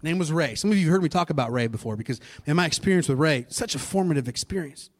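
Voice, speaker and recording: A man preaching a sermon as pastor, animated, dropping to hushed asides and rising to loud acted-out lines. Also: on the high side, fast. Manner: animated, acts out characters with big swings from hushed to loud.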